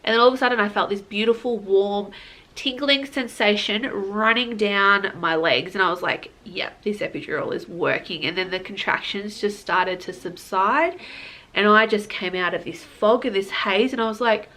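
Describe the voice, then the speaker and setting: A woman's voice: medium pitch, normal speed, bright, forceful tone. A young woman vlogger telling her story to camera in a casual, earnest way, full of likes and restarts.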